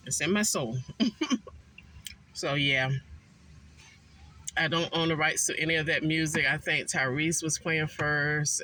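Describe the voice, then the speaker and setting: Guy doing a mukbang in his car, talks real slow, kinda high bright voice, lots of ums. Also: a little hiss or hum, rough recording. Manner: unhurried, chatty with frequent ums, eating while talking. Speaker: food vlogger. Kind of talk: casual mukbang chat.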